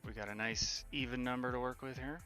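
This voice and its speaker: A man's voice: mid-range voice, fairly even intonation, a little fast, pushed and bright, faint music behind. A man casually talking through his coding work to live viewers, thinking aloud, muttering and joking with his chat. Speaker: game developer streaming his work.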